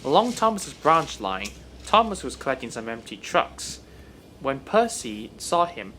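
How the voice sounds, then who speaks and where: A man narrating a fan story in a slow, hesitant reading style with restarts. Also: medium pitch, sing-song, bright, forceful tone, slight background noise.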